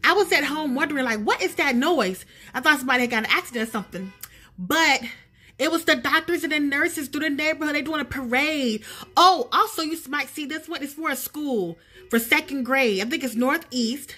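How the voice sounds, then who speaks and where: A woman's voice: high voice, animated, moderate pace, sharp tone. A woman vlogging in her neighborhood, gushing and emotional, close to tears. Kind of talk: casual vlog. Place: outdoors in a neighborhood street.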